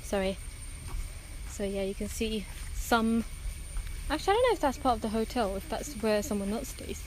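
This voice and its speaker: A woman's voice: on the high side, lively intonation, normal speed, rough recording. A woman narrating a casual travel vlog on her phone, chatty and rambling, full of asides. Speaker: travel vlogger. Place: outdoors on holiday, rainforest and streets. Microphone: phone camera. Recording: phone audio with outdoor noise.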